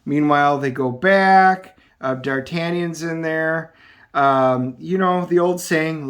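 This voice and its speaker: A man's voice: a little high, measured pace, a bit bright. Rambling man recapping a comic. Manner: rambling, with many filler ums. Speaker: comic book reviewer. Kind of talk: casual review recap.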